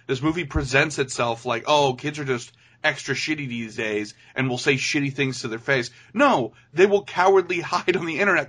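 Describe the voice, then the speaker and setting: A man's voice: on the high side, a bit bright, husky. A man co-hosting a casual movie review chat, blunt and profane, ranting his points with plenty of swearing.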